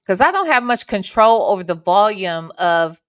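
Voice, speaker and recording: Brief: animated woman host, dry close sound, loose casual chat with viewers. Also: mid-range voice, normal speed, clear, resonant tone, dry recording. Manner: chatty, talks to viewers, swears casually. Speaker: reaction channel host. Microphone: desk microphone.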